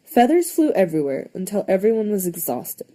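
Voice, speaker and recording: A young woman reading a children's storybook aloud, expressive, with lively voices for the characters. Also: medium pitch, brisk. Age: young adult. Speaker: audiobook reader.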